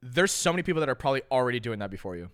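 Bright, laid-back young podcast guy. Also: medium pitch, very animated, very fast. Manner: loose, profane, laughing banter. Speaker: podcast host. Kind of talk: casual reaction chat.

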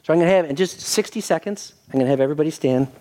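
Preaching as a pastor, this older man talks very fast in a slightly high voice. His sermon features lively storytelling with voiced-out quotes before shifting into a gentle, quiet prayer.

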